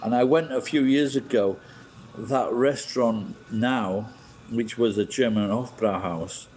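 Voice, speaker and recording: Mellow-voiced man, swearing freely. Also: medium pitch, unhurried, a little hiss or hum, poor audio. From England. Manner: heavy swearing, blunt and opinionated. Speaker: livestream host. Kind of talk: rambling casual livestream chat.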